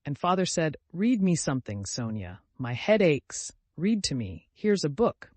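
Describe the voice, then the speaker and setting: A man's voice: a little high, very animated, unhurried, darkish tone, no echo. A man voicing a timid, devout young woman who speaks in an earnest, pleading, distressed way.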